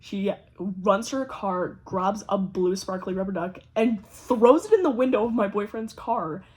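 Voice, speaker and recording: A young woman casually telling a story to camera, animated and swearing freely, acting out the voices of the people in it. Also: mid-range voice, a little slow, husky. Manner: animated, swears a lot, acts out quoted voices. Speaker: vlogger.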